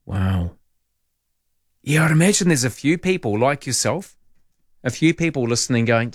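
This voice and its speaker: A man hosts an overnight talkback radio show from a radio studio, speaking at medium pitch with an expressive, moderate-paced delivery and frequent pauses. Chatty, wry, and rambling, he reads out listener messages and sometimes song lyrics. The studio microphone gives clean sound with no room tone.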